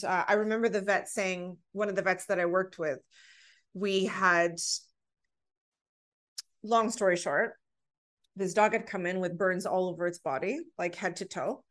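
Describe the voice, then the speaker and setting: A woman's voice: medium pitch, fairly even intonation, normal speed. Earnest woman telling heartfelt stories. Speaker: podcast guest. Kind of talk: casual podcast conversation.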